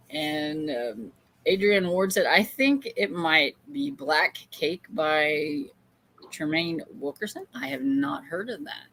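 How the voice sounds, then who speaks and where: Low, lively-voiced woman chatting. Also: slow pace, pauses often, a little hiss or hum. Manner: chatty, laughs often, trails off and restarts. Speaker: host of a reading livestream. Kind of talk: casual chat.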